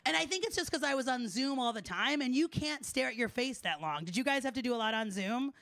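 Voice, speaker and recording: Loud animated woman comedian. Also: sits high, fast, vocal fry, no room sound. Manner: loud, animated, chatty with audience. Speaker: stand-up comedian. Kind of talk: stand-up comedy set. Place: live show in front of an audience.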